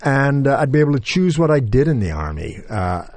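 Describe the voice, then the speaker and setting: A man's voice: mid-range voice, big pitch swings, brisk, darkish tone, dry recording. An older man from England, now with an American accent, telling stories in an interview with many fillers and restarts. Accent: General American. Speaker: interview guest. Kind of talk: conversational interview.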